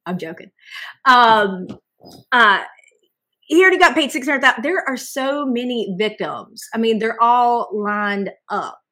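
A woman's voice: fairly high pitch, animated, a little slow, pushed and bright. A woman from North Carolina, a guest on a podcast, talking casually with gushing emphasis.

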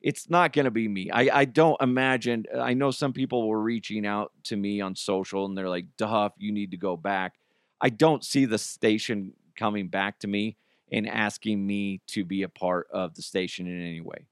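A man's voice: on the low side, moderate pace, clean tone, dry recording, clean studio sound. A man hosting a podcast, giving casual, opinionated commentary with joking asides while trying not to lose his voice. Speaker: podcast host.

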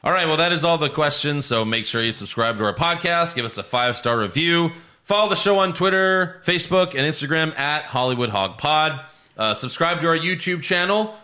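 A man's voice: on the high side, lively intonation, a little fast, pushed and bright. A man co-hosting a movie podcast, chatting casually, joking and swearing. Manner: joking, profane, reads out show plugs. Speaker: podcast co-host. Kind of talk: casual chat.

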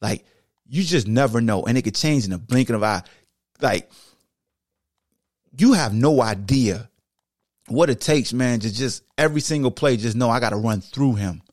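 Man, sports podcast host, emphatic and repetitive, swings from low to high, dry close mic. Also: normal speed, long pauses, no echo. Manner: emphatic, repeats phrases, swings from low growl to high excited. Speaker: podcast host and former football player. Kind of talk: impassioned monologue.

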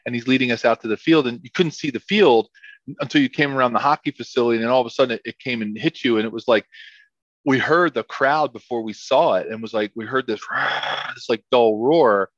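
A man's voice: medium pitch, fairly quick, fairly bright tone, no echo. Middle-aged man, ex-lineman guest, rambling storyteller, lots of restarts; dry, dull lo-fi audio. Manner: rambling, repeats words, many fillers. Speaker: former football lineman, guest. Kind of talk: casual interview storytelling.

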